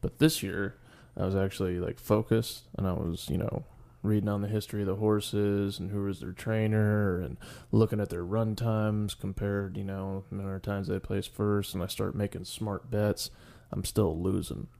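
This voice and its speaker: A man's voice: on the low side, little pitch movement, normal speed, vocal fry, hardly any pauses, mellow. A young man telling a rambling, profane story on a casual podcast as its co-host.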